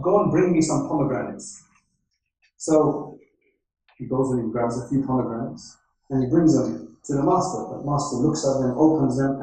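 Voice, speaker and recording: A man's voice: mid-range voice, warm tone. A man giving an Islamic religious lecture, telling stories and quoting Arabic, often checking in with "right?". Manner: storytelling with Arabic quotations and frequent "right?". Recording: echoey hall, speaker far from mic.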